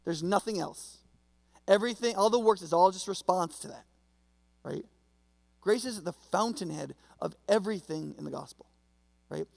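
A man's voice: high-pitched, normal speed, vocal fry, pauses often, a little mellow, big-room sound. A man preaching a sermon as pastor, conversational and storytelling, often checking in with his listeners.

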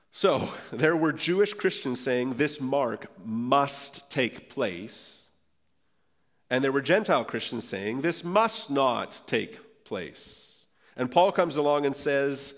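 A male pastor delivers a sermon in a voice of ordinary pitch, earnest and emphatic, drawing out the words he wants to land. His voice rings with the long reverb of a church hall. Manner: earnest, emphatic, slows for key phrases.

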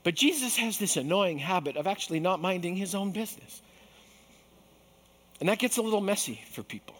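Animated man preaching a sermon. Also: sits high, brisk, big-room sound. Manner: animated, acts out voices in the story. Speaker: pastor.

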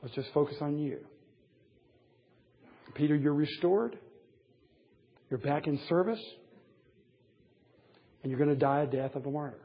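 A man voicing a calm, reassuring male teacher figure in a sermon, speaking gently, low and steady. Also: a little slow, pauses often. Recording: dull lo-fi recording.

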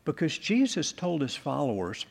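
A man preaching a sermon as pastor, measured and deliberate, slowing down to stress key words. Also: a little high, huge pitch swings, vocal fry.

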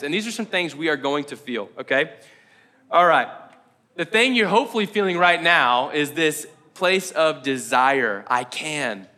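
A man's voice: on the high side, expressive, normal speed, bright, forceful tone. A man preaching a casual, joking sermon to his church, talking conversationally and laughing often. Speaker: pastor.

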